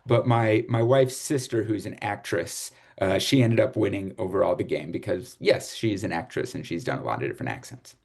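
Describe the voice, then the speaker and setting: A man from Chicago hosting a casual group chat on a video call, relaxed and rambling with fillers and laughs. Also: fairly low pitch, moderate pace, vocal fry, hardly any pauses. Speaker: host.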